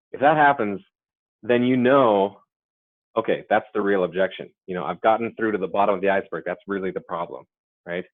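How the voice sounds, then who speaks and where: A man's voice: lowish voice, fairly quick, no room sound. A man giving a sales training webinar in a conversational way, often checking in with "right?" and "okay?". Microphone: computer or headset mic on a webinar. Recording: dry, phone-like webinar audio.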